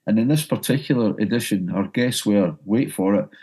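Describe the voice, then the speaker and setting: A man's voice: lowish voice, moderate pace, warm tone, breathy edge. A middle-aged Glaswegian man, a music broadcaster, telling a story animatedly and stumbling over repeated words. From Scotland. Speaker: broadcaster and music journalist guest. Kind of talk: anecdotal storytelling.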